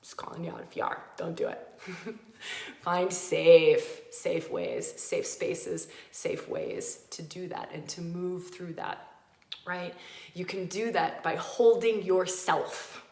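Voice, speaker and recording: A woman's voice: lowish voice, fairly even intonation, slow, a little mellow, echoey room. A woman hosting a podcast, giving a passionate, emphatic spiritual teaching talk and repeating phrases for emphasis. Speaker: podcast host.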